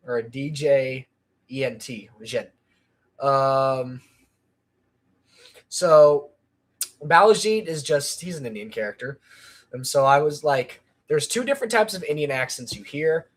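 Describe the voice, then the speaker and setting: A man's voice: medium pitch, lively intonation, measured pace. A man chatting on a casual livestream about his channel, rambling with lots of ums and restarts. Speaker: channel creator.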